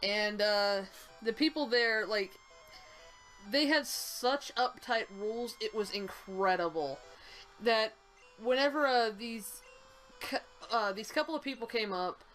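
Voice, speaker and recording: Young southern gal co-hosting a game stream, a bit high voiced, rambly and blunt, cusses a lot, faint music behind. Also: female voice, unhurried, fairly bright tone, low-quality recording. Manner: rambling, blunt, swears freely. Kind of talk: casual storytelling chat.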